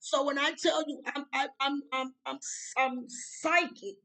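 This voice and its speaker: High-voiced woman telling a profane storytime. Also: measured pace, low-quality recording. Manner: animated, profane, frequent "right?" asides to viewers. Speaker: storyteller vlogger. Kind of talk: casual storytime.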